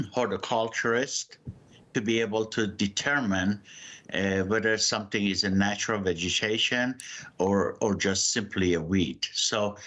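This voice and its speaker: A man, a county building official, answering a board's questions in a measured, formal way. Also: lowish voice, a bit bright. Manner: measured, formal, clears his throat. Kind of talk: official briefing.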